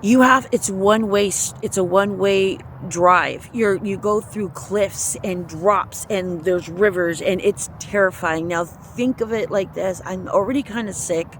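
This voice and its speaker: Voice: medium pitch, a little slow, few pauses, fairly bright tone, slight background noise. A speaker earnestly telling a personal faith story in a casual, rambling way, often quoting their own thoughts. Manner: earnest, rambling retelling with quoted inner speech. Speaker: storyteller sharing a faith testimony. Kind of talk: casual spoken testimony.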